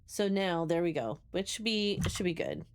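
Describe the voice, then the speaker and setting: A woman with a lowish voice and a New Jersey accent streams a game at normal speed. Talkative and casual with her chat, she swears and restarts often.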